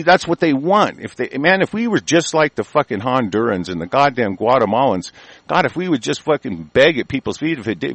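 A man's voice: mid-range voice, fairly bright tone, no echo. Furious profane man ranting. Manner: angry, heavily profane, stumbling restarts. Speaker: talk show host. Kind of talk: profane political rant. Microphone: conference call line.

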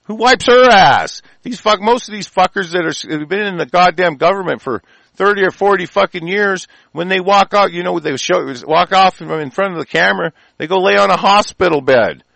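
A man's voice: high-pitched, a little fast, gravelly, fairly bright tone, no room sound. A man from the United States delivering an angry political rant, profane and combative throughout.

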